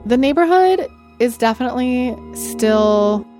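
A woman telling a personal story in a lively, conversational way, often saying "like" and acting out what people said. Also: a little high, measured pace. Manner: animated, frequent "like", acts out quoted dialogue. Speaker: guest storyteller. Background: faint music score.

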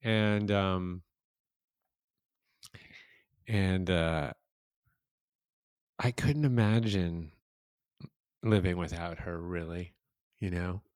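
A man's voice: sits low, drawn-out words, long pauses, darkish tone, clean tone, no room sound. A middle-aged man hosting a conversation, speaking in a reflective, hesitant way. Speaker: podcast host. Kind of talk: casual conversation.

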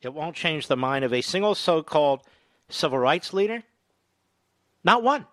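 A man's voice: on the high side, lively intonation, moderate pace, a bit bright, dry recording. A man hosting a political talk radio show, emphatic and indignant, hammering points home by repeating them.

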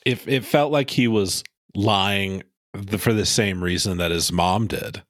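A man's voice: lowish voice, measured pace, dry recording. Sarcastic man on a dry podcast mic. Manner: sarcastic, swears freely, acts out quotes in silly voices. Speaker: podcast co-host. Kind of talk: casual chat recapping a reality show.

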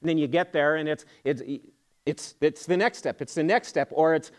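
A middle-aged pastor delivering a sermon in a church sanctuary. His voice sits high for a man, and he preaches earnestly and emphatically, mixing in homely jokes and friendly asides. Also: steady tone, normal speed.

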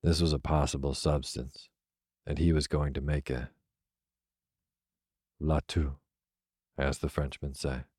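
A man reading a classic novel aloud as a soft, unhurried bedtime story. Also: extremely low pitch, breathy edge, dry recording, studio quality. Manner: soft, even, unhurried delivery. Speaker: narrator. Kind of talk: slow, soothing sleep-story reading.

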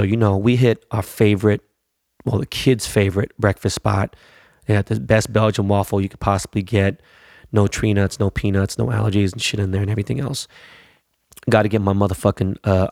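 A man's voice: on the low side, level tone, brisk, gravelly, darkish tone, no room sound, clean studio sound. A man chatting casually about his weekend in a slangy, profane, rambling way. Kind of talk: casual chat.

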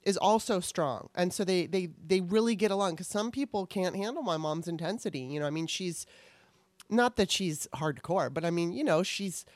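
A woman's voice: fairly low pitch, animated, normal speed, darkish tone, no echo. A middle-aged woman co-hosting a casual chat show, candid and rambling, swearing freely. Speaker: podcast co-host.

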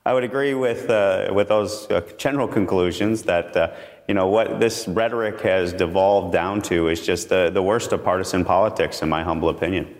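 A man appearing as a congressman guest in a news interview, answering in a measured, hedging way. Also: deep voice, in a large hall.

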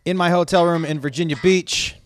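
A touring performer chatting casually in a hotel room, his voice hoarse and rough as if he had been smoking, talking in a rambling, self-mocking way. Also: fairly high pitch, steady tone, fairly quick, faint music behind. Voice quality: rough, smoky-sounding. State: hoarse, lost voice. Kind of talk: casual vlog chat.

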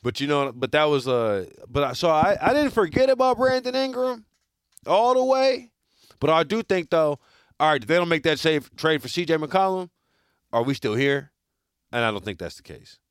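A man's voice: a little high, moderate pace, clear, resonant tone, no echo, studio quality. A man co-hosting a sports talk show, arguing in a slangy, emphatic way and repeating his points. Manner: animated, slangy, emphatic repetition. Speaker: sports podcast co-host. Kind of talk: casual sports debate.

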